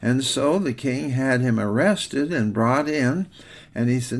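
A man's voice: mid-range voice, unhurried. An older man, a pastor, giving a folksy devotional sermon in a rambling, homespun storytelling manner.

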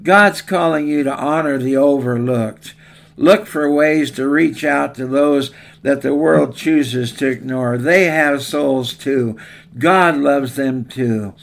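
Preacher guy, gravelly voice, takes his time telling the story. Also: mid-range voice, slow. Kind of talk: sermon with a read story.

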